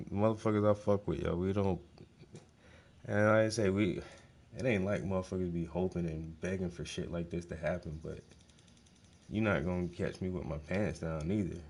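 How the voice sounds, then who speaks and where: A man with a low, deep voice talks in a loose, casual monologue. He is blunt and swears constantly, circling back on words to hammer a point home. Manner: profane, blunt, emphatic, repeats words. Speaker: host.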